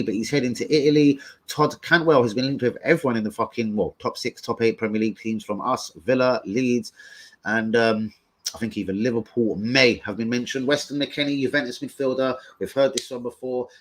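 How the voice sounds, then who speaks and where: A man's voice: mid-range voice, a bit bright. Slangy, profane young man streaming live. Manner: profane, combative banter with chat trolls, slangy. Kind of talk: casual live-stream chat.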